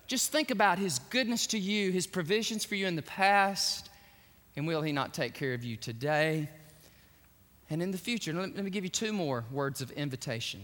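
A man preaches from the pulpit with a very high, bright, cutting voice that swoops up and down as he drives each point home. He mixes exclamations with playful asides. His voice rings out into a long reverb in a large church hall. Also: animated, normal speed. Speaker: pastor. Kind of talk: sermon.

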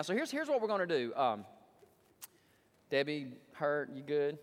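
Preacher in a reverberant church. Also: male voice, fairly high pitch, a little slow, pauses often. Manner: animated storytelling, acting out quoted voices. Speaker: pastor. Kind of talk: sermon. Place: church sanctuary. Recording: long church hall reverb.

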